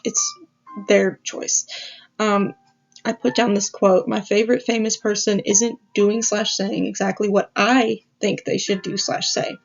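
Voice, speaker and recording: A woman's voice: medium pitch, level tone, a little slow, vocal fry, soft background music. A woman hosting a casual video essay over slides, rambling with self-aware asides and the odd swear. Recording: dull lo-fi audio.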